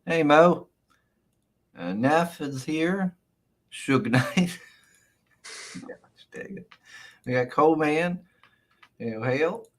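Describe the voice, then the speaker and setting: A man's voice: a little high, animated, drawn-out words, long pauses. A man hosting a casual livestream, reading out the chat and laughing along. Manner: laughing, talks back to chat. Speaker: livestream host.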